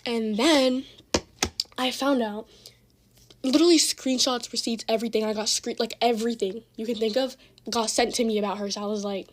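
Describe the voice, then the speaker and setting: A teenage girl rants through a messy school feud in a casual storytime, slangy and full of swearing. Her voice sits a little high, and she tells it in an animated way. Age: teens. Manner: fast, slangy, profane, animated retelling.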